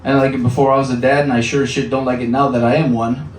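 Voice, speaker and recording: A man's voice: mid-range voice, little pitch movement, very fast, slight background noise. A man in his thirties doing a stand-up comedy set in a small bar, conversational, with filler words and acted-out voices. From Upper Peninsula of Michigan. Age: 30s. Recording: echoey bar room, mic heard from a distance.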